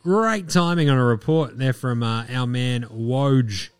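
A man's voice: mid-range voice, unhurried, clean tone, dry recording. An Australian man hosting a podcast, talking in a laid-back, jokey way with plenty of swearing. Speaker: podcast host. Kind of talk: casual chat.

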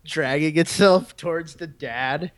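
A man's voice: a little high, measured pace, no room sound. A man hosting a casual podcast, joking and rambling with friends. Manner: joking, rambling, laughs often. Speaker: podcast host.

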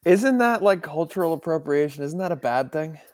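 A man's voice: a little high, fairly quick, no room sound, studio quality. A young man hosting a casual interview, rambling with lots of "uh" and "like". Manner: relaxed, rambling, many "uh" and "like" fillers. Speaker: podcast host.

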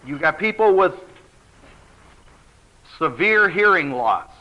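A man's voice: a little high, slow. A man teaching a Bible study, speaking emphatically with a dry humor, on a dull lo-fi recording. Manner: emphatic, animated, dryly humorous.

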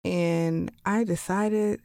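A woman chatting casually on a podcast, telling stories and acting out her own thoughts in high voices. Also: steady tone, drawn-out words, a little mellow, no room sound, clean studio sound. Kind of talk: casual chat.

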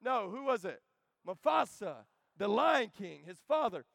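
High-voiced, lively man preaching. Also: unhurried, creaky, no room sound. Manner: joking, animated, calls to the crowd. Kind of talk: energetic camp sermon.

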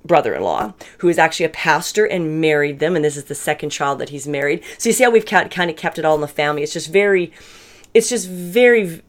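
A middle-aged woman talks through a personal story in a frank, chatty manner. Her voice sits a little low, and she often breaks off and restarts her sentences as she goes. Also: fast. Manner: chatty and candid, self-described bossy, frequent restarts.

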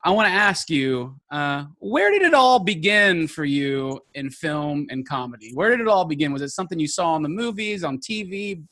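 A man's voice: a little high, big pitch swings, normal speed, few pauses, pushed and bright. A man hosting an interview, asking friendly questions and piling on follow-ups. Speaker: interview host. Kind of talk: casual interview.

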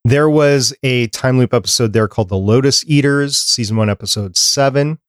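A man's voice: mid-range voice, normal speed, smooth, no echo, studio quality. Chatty man running down a list. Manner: runs through a prepared list, chatty and conversational. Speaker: podcast host. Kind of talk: casual podcast chat.

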